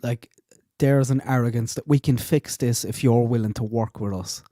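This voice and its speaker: A man's voice: medium pitch, fairly even intonation, moderate pace, mellow, no echo, studio quality. Indignant man commenting on clips. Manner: indignant, rhetorical questions. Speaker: true crime channel host.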